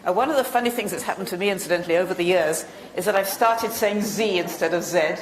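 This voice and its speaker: A woman from Britain leading a teacher-training workshop, asking the audience quiz questions and briskly confirming their answers. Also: fairly low pitch. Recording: echoey room.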